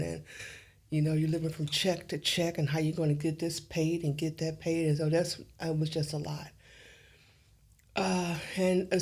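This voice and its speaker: Her voice sits low as this middle-aged interview guest relates her story in a lively way. She performs the dialogue as she goes.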